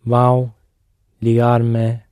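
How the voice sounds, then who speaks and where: A man's voice: medium pitch, completely flat delivery, extremely slow, a little mellow, no room sound, clean studio sound. A man language student answering hesitantly in a lesson. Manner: hesitant, unsure.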